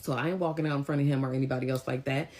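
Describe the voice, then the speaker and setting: A woman telling a personal story in a casual, animated, slangy way. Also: extremely low pitch, racing. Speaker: vlogger.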